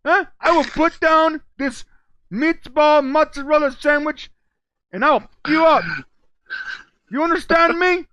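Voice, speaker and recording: A loud, hot-headed street mobster, put on by a man for a comic bit. The voice is pitched well above his usual talk, bright and pushed. He sounds pushy, keeps demanding answers and makes threats. The recording is close and dry. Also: a little slow, long pauses, dry recording, full character voice. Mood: menacing. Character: tough male Boston mobster, hot-tempered and threatening.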